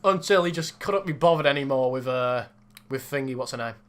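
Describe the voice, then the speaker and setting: A man's voice: mid-range voice, brisk, fairly bright tone. A young man co-hosting a casual sports podcast, ranting in mock exasperation and joking with his co-host.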